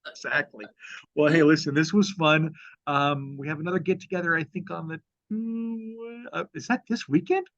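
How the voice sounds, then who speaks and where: A man's voice: a little high, normal speed, fairly bright tone, no room sound, dull audio. A man hosting a casual podcast, rambling and self-deprecating, laughing often. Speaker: podcast host. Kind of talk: casual chat.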